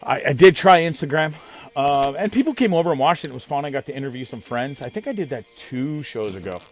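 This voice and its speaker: Excitable man hosting a livestream. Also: mid-range voice, fast talker, soft background music. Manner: excitable, rambling, greets viewers by name. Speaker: host of a live online show. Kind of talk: casual live-stream chat.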